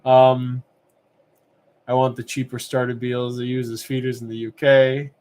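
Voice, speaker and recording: A man's voice: mid-range voice, moderate pace. A man hosting a live-stream auction, chatting casually and rambling with lots of fillers. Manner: relaxed, rambling, many fillers.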